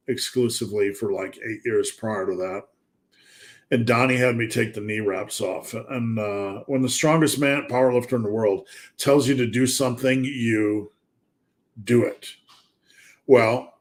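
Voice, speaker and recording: A man hosting a live fitness Q&A stream, chatting casually and asking himself rhetorical questions. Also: medium pitch.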